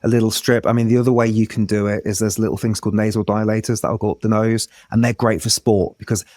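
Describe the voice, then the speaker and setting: Guy with a lowish voice chatting about breathing, dry close sound, keeps restarting sentences. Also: flat delivery, fast, darkish tone, no echo. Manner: enthusiastic, explanatory, frequent restarts. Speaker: breath work coach, guest. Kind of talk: casual interview chat.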